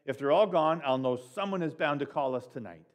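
A man voicing a firm, kindly, practical mother who talks briskly, in a read-aloud story. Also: on the high side, lightly acted. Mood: reasoning.

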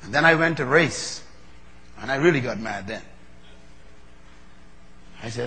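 Preacher guy, bright forceful voice, big echoey hall, gets loud and fired up. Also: animated, vocal fry. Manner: builds from low, measured talk to loud, fervent preaching. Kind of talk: sermon. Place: large hall. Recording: long reverb of a large hall.

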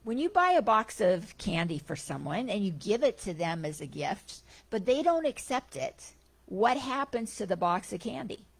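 Serene wise man, soft, low, measured speech, played by a woman telling the story. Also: vocal fry, slightly rough, heavily acted, poor audio. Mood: calm. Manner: calm, gentle, measured. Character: serene wise male teacher, the Buddha.

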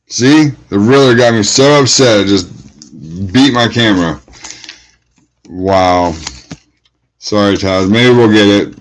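A man's voice: fairly low pitch, slow pace, pauses often, low-quality recording. A man hosting a trading card break, calling out each card and greeting viewers, getting hyped at big pulls. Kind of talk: live card-breaking commentary.

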